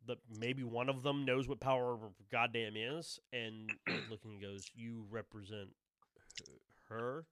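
A man's voice: medium pitch, fairly even intonation, moderate pace, hardly any pauses, fairly bright tone, clear, resonant tone, dry recording. A man narrating a tabletop game as game master, rambling and restarting his sentences as he describes the scene. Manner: rambling, full of fillers and restarts.

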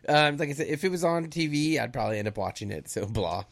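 A man's voice: mid-range voice, lively intonation, quick pace. A man reviewing movies on a radio panel, talking hesitantly with many fillers. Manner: hesitant, lots of ums and likes. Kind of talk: casual panel chat.

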